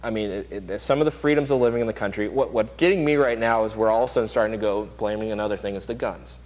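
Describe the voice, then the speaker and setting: A man hosting an opinion talk show, arguing his points emphatically and rapidly. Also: fairly low pitch, darkish tone, long reverb tail, rough recording. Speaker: show host.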